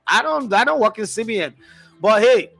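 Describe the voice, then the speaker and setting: A middle-aged Nigerian man hosting a football stream, chatting casually and reading out viewer comments in an animated way. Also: sits high, moderate pace, creaky, soft background music. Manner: animated, chatty, jumps between loud and soft. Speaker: football show host.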